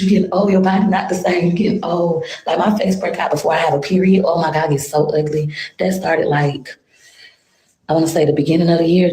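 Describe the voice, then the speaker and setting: A woman's voice: low-pitched, mellow. A woman rambling on a livestream, venting her frustration with sighs. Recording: echoey room.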